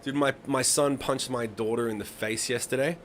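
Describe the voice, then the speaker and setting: A man in his thirties talks casually on a live stream, his voice sitting at an ordinary middle pitch. He rambles through stories, swears freely, and laughs along. A faint hum of the room sits behind him. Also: fairly even intonation, moderate pace. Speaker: live-stream songwriting host. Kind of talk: casual chat to a live audience.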